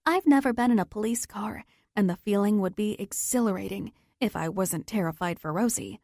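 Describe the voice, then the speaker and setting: A woman's voice: mid-range voice, a little fast, darkish tone, dry recording, clean studio sound. A woman narrating a first-person romance audiobook in a tense, dramatic manner.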